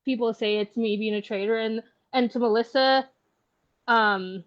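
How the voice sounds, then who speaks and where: A woman's voice: fairly high pitch, steady tone, moderate pace, highs cut off. A woman contestant giving a defiant, emotional speech after being voted out, upset and fighting back tears, swearing and defending herself. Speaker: game contestant.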